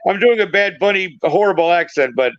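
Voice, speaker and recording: A man co-hosting a casual wrestling chat, confident and quick to correct and explain. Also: high voice, expressive, no echo, dull audio. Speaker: podcast co-host.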